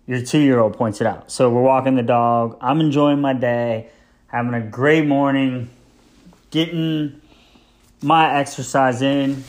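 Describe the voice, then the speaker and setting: A man in his thirties telling a casual, rambling, self-mocking story about being a father. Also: medium pitch.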